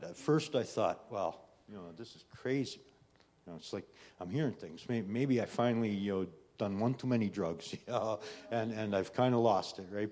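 A man's voice: fairly low pitch, darkish tone. A middle-aged man giving a personal faith testimony in a conversational way, often adding "right?" and "you know". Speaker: testimony speaker.

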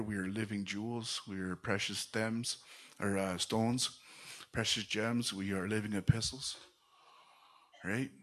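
Lower-voiced man, fervent church prayer, keeps repeating "Lord". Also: steady tone, moderate pace, fairly bright tone. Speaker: church member giving a word. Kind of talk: exhortation and spoken prayer. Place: church sanctuary.

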